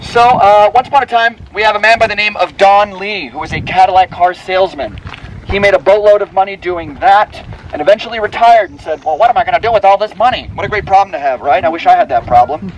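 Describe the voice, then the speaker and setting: A man's voice: high-pitched, expressive, fast talker, poor audio. A man leading a hiking tour outdoors on a mountain trail. He is chatty and upbeat and cracks corny jokes. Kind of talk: joking tour narration. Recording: outdoor wind noise.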